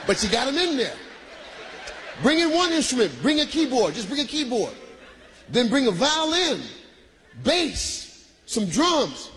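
A man doing a stand-up routine, working the crowd loudly with shouts and laughter. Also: extremely high pitch, measured pace, pauses often, husky. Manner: loud, animated, bursts of shouting and laughter. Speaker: stand-up comedian. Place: live comedy venue. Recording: live crowd and room noise.

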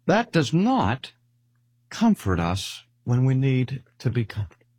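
A husky-voiced older man delivers an earnest sermon. His pitch swings widely as he presses each point, and he draws the important phrases out slowly. The sound is close and dry. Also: huge pitch swings, a little mellow, no room sound. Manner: earnest, slowing down to stress key phrases. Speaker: preacher.

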